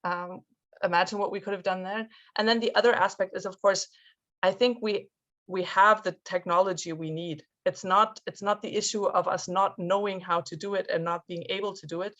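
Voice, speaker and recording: A woman's voice: medium pitch, fairly even intonation, normal speed, fairly bright tone. A woman speaking on a panel discussion, thoughtful and often restarting her sentences. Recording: dull lo-fi call audio.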